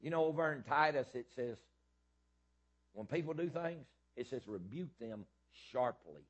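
A middle-aged man preaching a sermon as pastor, emphatic and repetitive, swinging from loud bursts to quieter stretches. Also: on the high side, normal speed, dull audio.

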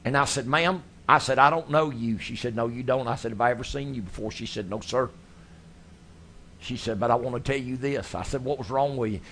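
A man preaches, spinning folksy, animated stories from the pulpit. His voice sits at an ordinary middle pitch. Faint background noise runs under the recording. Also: brisk. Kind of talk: sermon storytelling.

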